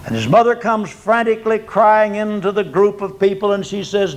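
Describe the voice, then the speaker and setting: Older man, high voice, preacher, folksy sermon, loud peaks and quiet drops. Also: normal speed, few pauses, poor audio. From Oklahoma.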